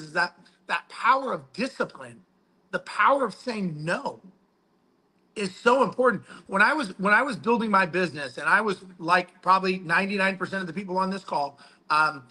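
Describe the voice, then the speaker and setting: A man with a high, bright voice talks casually, with plenty of swearing. He tells stories emphatically and acts out the back-and-forth with his mentor. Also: breathy edge, poor audio. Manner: profane, storytelling. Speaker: guest speaker. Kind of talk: casual chat.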